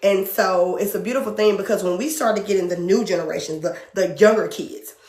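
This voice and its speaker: A woman's voice: mid-range voice, brisk, a little mellow, roomy sound. A woman speaking as a podcast guest in an earnest, emotional way, often repeating phrases for emphasis. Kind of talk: passionate spiritual conversation.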